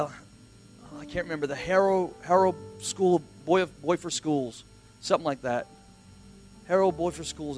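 Emphatic, higher-voiced man preaching. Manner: emphatic repetition with swings from hushed to loud. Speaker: pastor. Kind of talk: sermon.

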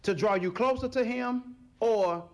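A man preaching a sermon in an animated, folksy call-and-response style. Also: high-pitched, measured pace. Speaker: pastor.

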